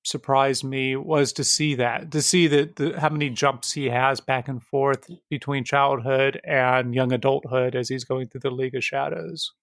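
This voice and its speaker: A man's voice: medium pitch, steady tone, moderate pace, hardly any pauses, fairly bright tone, no echo. A man cohosting a film podcast, talking things over in a thoughtful, wry way with some hesitations. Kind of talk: casual film podcast discussion.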